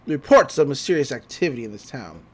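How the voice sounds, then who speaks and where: A man voicing a humorless male government agent who speaks in a low, flat, quiet monotone. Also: fast, husky. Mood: deadpan.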